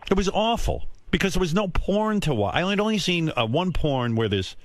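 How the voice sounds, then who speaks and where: A man's voice: high-pitched, big pitch swings, brisk, no room sound. Profane rambling male radio host. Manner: profane, rambling, self-mocking. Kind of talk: casual storytelling chat.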